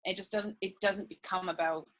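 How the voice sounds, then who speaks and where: A woman's voice: mid-range voice, steady tone, normal speed, fairly bright tone. Chatty young woman, casual interview. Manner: chatty, laughs often, acts out others in quotes. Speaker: guest researcher.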